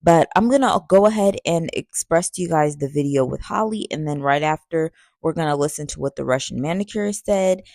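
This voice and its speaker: A woman's voice: deep voice, brisk, hardly any pauses, darkish tone, dry recording, clean studio sound. A woman hosting a podcast, recapping a story and talking straight to her listeners in a chatty way. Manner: chatty, addresses listeners directly. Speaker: podcast host. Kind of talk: commentary recap.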